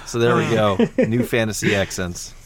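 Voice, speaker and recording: A man with a somewhat low voice chats on a casual podcast. He speaks haltingly, with frequent ums and uhs. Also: steady tone. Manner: halting, many fillers. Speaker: podcast co-host. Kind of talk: casual chat.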